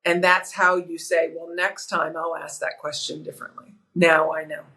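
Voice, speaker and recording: A middle-aged woman, a sports broadcaster and author, speaking as a guest in a podcast interview with an energetic, emphatic way of telling stories. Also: low-pitched, normal speed, rough recording.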